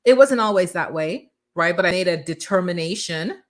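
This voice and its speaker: A woman's voice: lowish voice, lively intonation, moderate pace. A middle-aged woman hosting a talk show as a brand coach, speaking energetically and emphatically, often acting out quoted voices.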